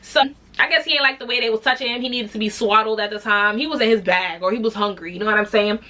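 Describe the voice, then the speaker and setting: A young woman telling a story in a casual vlog, animated and candid, swearing freely and acting out other people's voices. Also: fairly high pitch, fast talker. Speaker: vlogger.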